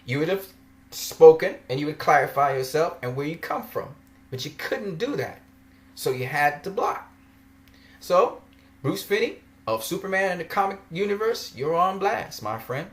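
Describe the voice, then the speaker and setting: Argumentative man with lively pitch. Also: normal speed. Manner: argumentative, mocking, laughs often. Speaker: vlogger. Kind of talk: ranting commentary to camera.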